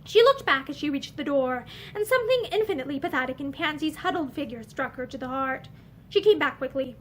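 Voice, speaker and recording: A young woman reading a novel aloud in a room with bookshelves, with steady, expressive storytelling. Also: sits high, brisk. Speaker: audiobook reader. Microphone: facing camera, seated.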